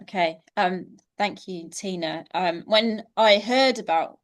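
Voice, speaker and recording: A woman hosting an interview over a video call, relaxed and thinking aloud. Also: mid-range voice, takes it slowly. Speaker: host. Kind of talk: casual interview chat.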